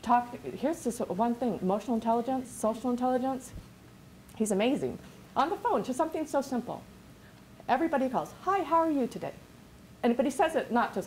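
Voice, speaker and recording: A woman business coach talks to a workshop class in a loose, chatty way, often restarting and slipping into quoted asides. Her voice sits a little high. A faint hum of room noise runs under her talk. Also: animated, brisk, darkish tone. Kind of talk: workshop presentation.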